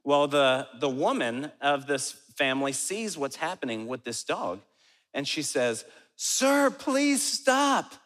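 A middle-aged man preaching a sermon as pastor, moving from prayer into an animated, lively story. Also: mid-range voice, measured pace. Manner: animated storyteller, acts out quotes. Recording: hall reverb.

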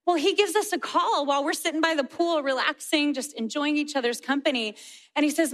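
A woman in her forties preaching a sermon and telling a family story in an animated way, laughing often. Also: sits high, fairly quick. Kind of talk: sermon testimony.

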